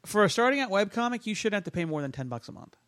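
A man hosts a casual podcast, joking around as he explains. His voice sits a bit high for a man. The recording is dry and close, with no room sound at all. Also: sing-song, rapid-fire, fairly bright tone, no room sound. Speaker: podcast host. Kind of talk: casual chat.

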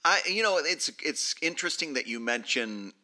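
A man with a very bright, forceful tone banters on a webcomics podcast. His pitch swings widely as he jokes, and he talks loosely and casually with his co-hosts. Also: lively intonation, moderate pace. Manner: playful, joking about word pronunciation. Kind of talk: casual chat.

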